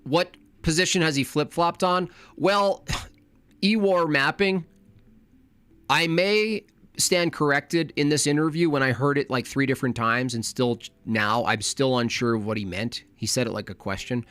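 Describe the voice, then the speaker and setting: A man's voice: on the high side, normal speed, fairly bright tone, dry recording. A man hosting a reaction commentary, talking in a blunt, argumentative and sardonic way. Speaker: commentary channel host.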